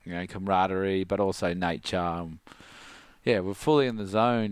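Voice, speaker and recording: Deep-voiced and speaking at a normal speed, this middle-aged Australian man coaches surfing and is a guest on a podcast. He spins lively, casual stories, mimics his mates, and laughs a lot, in a clean recording free of echo.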